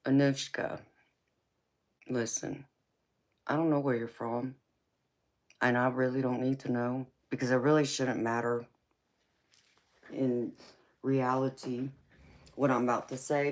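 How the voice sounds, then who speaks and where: A woman's voice: rumbling low, steady tone, unhurried, long pauses, darkish tone. A woman with a Southern US accent from Georgia, hosting a casual live tarot stream, greeting viewers with honey and baby and lecturing them about manners. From United States. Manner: folksy, calls viewers honey and baby, laughs often. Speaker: tarot reader and livestream host.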